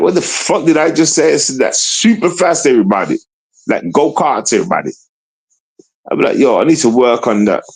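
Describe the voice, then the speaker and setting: Profane, rambling low-voiced male streamer. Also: darkish tone, breathy edge, low-quality recording. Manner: repetitive, profane, keeps asking "you understand?"; confrontational, swings between low mutter and raised voice. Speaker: livestreamer. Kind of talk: rambling livestream monologue.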